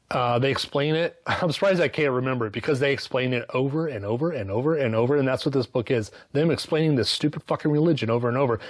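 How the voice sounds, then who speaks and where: A man's voice: medium pitch, no room sound. A man giving a casual, sarcastic book review, swearing freely and tossing in mock-voiced asides. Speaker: book reviewer, channel host.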